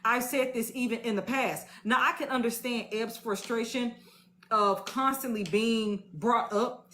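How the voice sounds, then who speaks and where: A woman hosts a live stream, speaking a little on the high side. She explains herself casually, restarting her sentences as she goes. Faint noise hums behind her. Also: fairly even intonation, unhurried, fairly bright tone. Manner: rambling, restarts, conversational.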